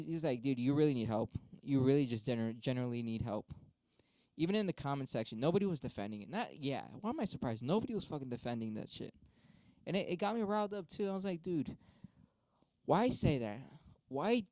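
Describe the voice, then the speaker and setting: A man's voice: mid-range voice, a little mellow, no echo. A man streaming live from home, ranting in a heated, profane and repetitive way. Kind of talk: heated casual rant.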